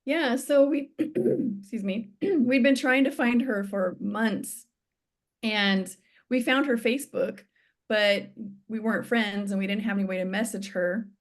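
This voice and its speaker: A woman's voice: a little high, unhurried. A woman guest telling her story in an interview, acting out the dialogue she quotes.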